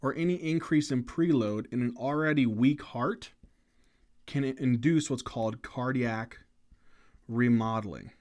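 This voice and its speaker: An energetic man teaching pharmacology at a mid-range pitch. He keeps asking questions and checks in with his listeners often. The delivery is casual and conversational. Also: measured pace. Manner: energetic, asks the class questions, says "right?" often. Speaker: medical lecturer. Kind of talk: whiteboard lecture.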